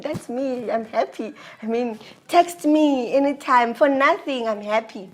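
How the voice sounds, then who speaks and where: Candid South African woman telling a story. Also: medium pitch. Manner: candid, animated, slangy storytelling. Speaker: vlogger. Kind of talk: personal storytelling.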